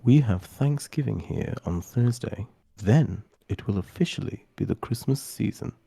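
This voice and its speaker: A man co-hosting a casual podcast stream, relaxed and jokey, greeting chat viewers. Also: on the low side, normal speed, gravelly, husky. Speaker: podcast co-host. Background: faint lo-fi music.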